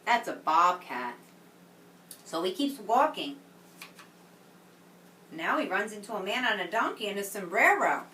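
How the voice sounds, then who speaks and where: A woman teaching a reading lesson to young children, speaking slowly and clearly in an encouraging way, in an echoey room with the mic at a distance and a faint hum behind her. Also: medium pitch, very animated, bright, forceful tone. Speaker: kindergarten teacher.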